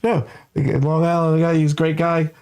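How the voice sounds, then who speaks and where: A man's voice: fairly high pitch, little pitch movement, fairly quick, darkish tone, smooth. Wisecracking man comic. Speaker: comedian guest. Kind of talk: casual chat. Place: studio.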